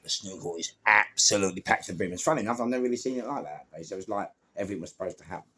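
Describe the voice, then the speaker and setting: A man with a London accent telling a story in a casual, animated way, swearing freely and throwing in sound words and laughs. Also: fairly low pitch, rapid-fire, background noise. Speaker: former gangster telling his story.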